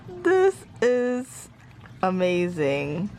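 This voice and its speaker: Young woman, casual car vlog, handheld camera, animated pitch, faint background hum. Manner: emotional, gushing exclamations. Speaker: book vlogger.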